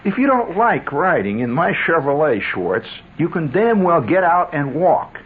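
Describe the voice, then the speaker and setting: A man's voice: on the high side, sing-song, unhurried, husky, exaggerated voice. A man voicing a blunt, curt young carpool driver. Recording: narrow phone-like radio sound.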